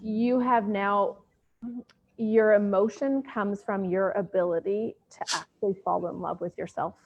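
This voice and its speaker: A woman's voice: mid-range voice, fairly even intonation, measured pace. A woman hosting a casual chat who asks rambling, effusive questions over a video call. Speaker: host. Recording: dull lo-fi audio.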